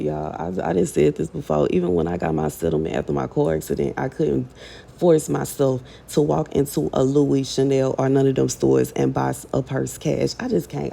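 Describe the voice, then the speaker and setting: Woman, heavy vocal fry, mellow dark tone, casual prophetic preaching, emphatic and slangy. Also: low voice. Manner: emphatic, chatty, slangy, reads scripture aloud. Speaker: online prophetic minister.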